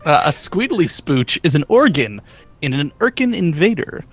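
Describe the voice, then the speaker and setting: Male co-host, slightly high voice, joking casually through a board game. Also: sing-song, normal speed, fairly bright tone. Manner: joking, cartoon references, laughs. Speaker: podcast co-host.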